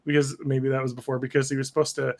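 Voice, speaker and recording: A man co-hosting a casual podcast, excitedly reading posts aloud and commenting on them. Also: medium pitch, quick pace, vocal fry. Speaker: podcast co-host. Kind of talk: casual chat.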